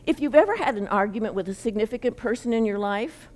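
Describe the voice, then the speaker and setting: A middle-aged woman giving a lively, folksy workshop talk to parents on nutrition and the brain, leading the audience in gestures. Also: a little high, quick pace. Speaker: nutrition educator presenting to parents.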